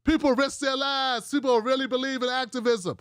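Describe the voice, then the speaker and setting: Guy ranting on his show, high voice, swears a lot, sarcastic, dry close sound. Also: fairly even intonation, fairly quick, fairly bright tone, smooth, no room sound. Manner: profane, sarcastic, acts out mocking quotes. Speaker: political commentary host. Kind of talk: casual ranting commentary.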